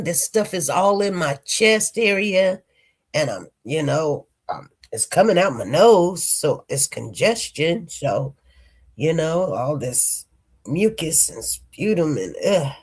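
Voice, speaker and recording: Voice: medium pitch, lively intonation, takes it slowly, breathy edge. A livestream host chatting casually with viewers and greeting them by name, congested from a cold and rambling between topics. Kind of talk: casual chat.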